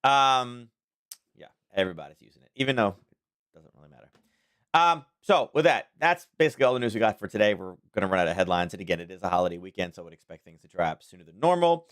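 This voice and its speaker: A man's voice: lowish voice, big pitch swings, fast talker, a bit bright, dry recording, studio quality. A man hosting a casual daily market commentary stream, talking in a rambling, chatty way with frequent chuckles.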